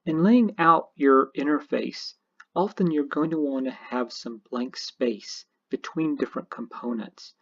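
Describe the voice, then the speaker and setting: Slow, husky tutorial narrator. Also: mid-range voice. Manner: methodical step-by-step explaining. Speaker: programming teacher. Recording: dull lo-fi screen recording.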